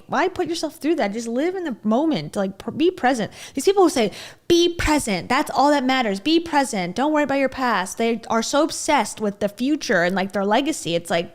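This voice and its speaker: A woman giving casual reaction commentary, blunt and sarcastic. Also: mid-range voice. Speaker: commentary YouTuber.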